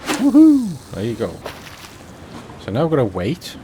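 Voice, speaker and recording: This is a man's let's-play commentary on a farming game, chatty and full of thinking aloud. His voice sits on the low side and is a little mellow, animated, at normal speed, with a little hiss or hum behind it.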